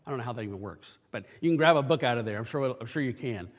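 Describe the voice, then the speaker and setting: Male pastor, mid-pitched, earnest and conversational, sermon recorded with long church reverb. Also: animated, rapid-fire. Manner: conversational, earnest, frequent restarts. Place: church sanctuary.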